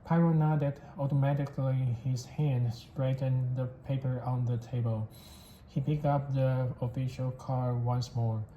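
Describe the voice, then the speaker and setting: Steady, flat-voiced story reader. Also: mid-range voice, unhurried, dull audio. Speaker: audiobook reader. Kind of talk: novel read-aloud. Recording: echoey room, faint background hiss.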